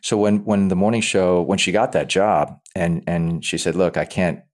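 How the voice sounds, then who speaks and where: A man's voice: deep voice, steady tone, moderate pace, a little mellow. A man, an actor, talking casually in an interview, often repeating words as he restarts and acting out quoted lines. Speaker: actor guest.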